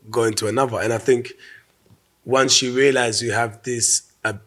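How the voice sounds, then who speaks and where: A man, a comedian being interviewed, talking in a relaxed, reflective way and restarting words mid-thought. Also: lowish voice. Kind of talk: casual interview.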